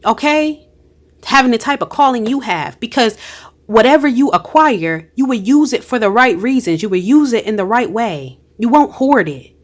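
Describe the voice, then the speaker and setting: A woman's voice: a little high, lively intonation, normal speed. A woman giving a casual spiritual card reading, emphatic and encouraging, with frequent exclamations and colloquial speech. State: emotional. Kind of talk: casual tarot-style energy reading.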